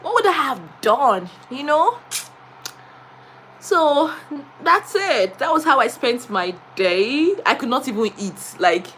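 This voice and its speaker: A young Nigerian teacher tells stories on a casual live stream. She sits high in her range, with a bright, ringing tone. She is animated and dramatic, often laughing as she talks. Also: slow, slight background noise. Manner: animated, dramatic storyteller who laughs through her words. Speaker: teacher and vlogger.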